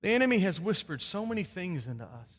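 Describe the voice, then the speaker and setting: A man preaching a sermon as pastor, earnest, swinging from emphatic peaks down to soft low endings. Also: sing-song, fast, husky. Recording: long hall reverb.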